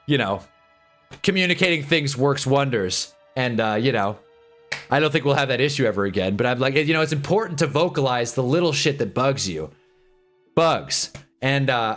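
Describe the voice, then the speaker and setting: Young man, 20s, livestream rant, lively swooping pitch, rambling, joking. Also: normal speed, soft background music. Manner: animated, jokey, rambling with frequent laughs. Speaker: livestream host.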